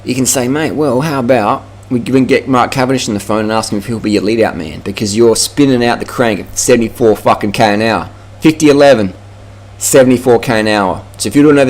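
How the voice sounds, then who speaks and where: An Australian man ranting casually to camera about cycling, blunt, profane and mocking. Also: medium pitch. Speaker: cycling vlogger.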